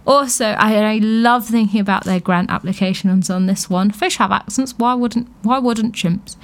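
A woman's voice: mid-range voice, normal speed. A British woman hosting a radio show, chatting casually about science news with amused asides and lots of fillers. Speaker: radio host.

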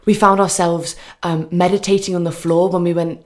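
A young woman with a British accent talks as a guest on a radio show. Her voice sits on the lower side. She chats loosely, filling pauses with ums and small laughs. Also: level tone. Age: young adult. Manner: chatty, hesitant with frequent ums, laughing asides. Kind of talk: casual radio chat.

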